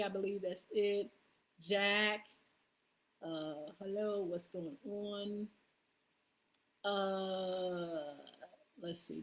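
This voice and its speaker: A woman hosting a live morning show stream, casually greeting viewers by name with lots of "uh" fillers and an upbeat, friendly manner. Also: medium pitch.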